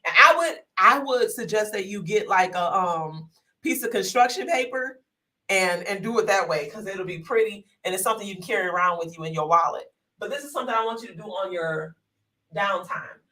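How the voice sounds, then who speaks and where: Bright-voiced encouraging woman. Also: medium pitch, animated, a little fast, far from the mic, rough recording. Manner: chatty, encouraging, calls viewers honey and sugar; folksy, uses y'all often. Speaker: workshop host. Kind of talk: live online workshop. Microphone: desk microphone.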